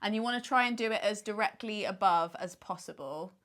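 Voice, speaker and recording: A woman's voice: medium pitch, a little fast, a bit bright. A British woman vlogger explaining tips in a chatty, giggly way, filmed at home. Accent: British English. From United Kingdom. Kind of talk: casual tutorial chat. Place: indoor home filming space.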